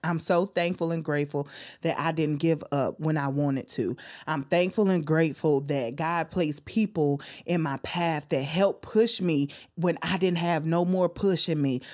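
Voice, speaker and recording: A woman hosting her own podcast, talking alone with deep feeling and frequent exclamations. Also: a little mellow. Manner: heartfelt, testifying, exclaims often. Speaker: podcast host. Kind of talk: emotional solo podcast talk.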